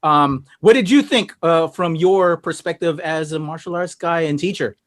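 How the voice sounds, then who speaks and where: A man's voice: a little high, normal speed, no echo, studio quality. A man hosting a casual review podcast over a video call, chatty and loose with many fillers, laughing often. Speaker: podcast host.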